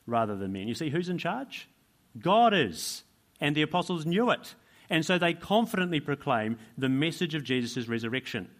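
Emphatic male preacher, mid pitch. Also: a bit bright. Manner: emphatic, asks rhetorical questions and repeats key phrases. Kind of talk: sermon.

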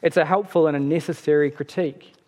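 A man preaching a sermon in a relaxed, conversational way, with fillers and self-corrections. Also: on the high side, fast talker. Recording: long hall reverb.

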